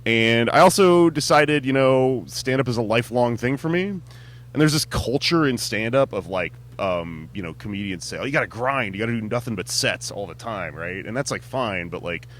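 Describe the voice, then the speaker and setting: A male comedian as an interview guest, talking in a relaxed, rambling way with lots of fillers and frequent laughs. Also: mid-range voice, moderate pace. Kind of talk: casual interview chat. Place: music venue on tour.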